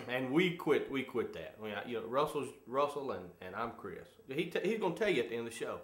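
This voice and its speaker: A man's voice: mid-range voice, sing-song, fairly quick, fairly bright tone, echoey room. A man co-hosting a casual talk show, telling stories in an easygoing way. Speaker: co-host. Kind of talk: casual chat.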